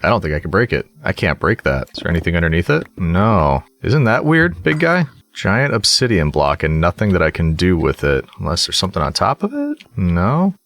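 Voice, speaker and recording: Low-voiced man narrating his gameplay. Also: sing-song, fairly quick, hardly any pauses, fairly bright tone. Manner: chatty, talks to animals in a sing-song coo. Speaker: gaming YouTuber. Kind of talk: casual gameplay commentary.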